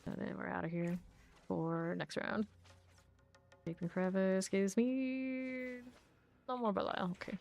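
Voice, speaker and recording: A woman's voice: mid-range voice, fairly even intonation, takes it slowly, vocal fry, pauses often, a little mellow, soft background music. A woman streaming a game, chatting casually to herself as she plays, humming and counting under her breath. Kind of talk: casual gameplay commentary.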